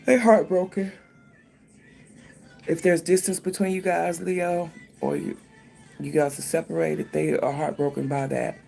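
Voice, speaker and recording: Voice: mid-range voice, steady tone, unhurried, creaky, long pauses, darkish tone, soft background music. A tarot reader giving a casual reading, thinking aloud, speaking straight to the viewer and swearing freely.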